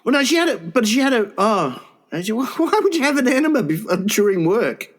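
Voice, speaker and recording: A man's voice: extremely high pitch, big pitch swings, fairly quick. A man co-hosting a crude comedy podcast, rambling and stumbling through stories and laughing often. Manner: rambling, stumbling storyteller who laughs a lot. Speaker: podcast co-host.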